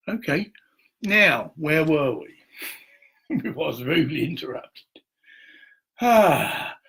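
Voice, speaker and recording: A man's voice: fairly high pitch, a bit bright, slightly rough. A man talking into his camera on a live stream. He rambles in an aggrieved, profane way and reads viewer comments as he goes. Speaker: livestreamer.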